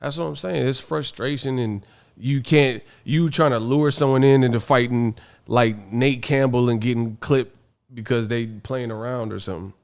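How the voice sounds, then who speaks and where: A man's voice: mid-range voice, moderate pace, gravelly, darkish tone. A man hosting a boxing livestream, ranting casually in an exasperated, slangy way and laughing often. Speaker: boxing stream host.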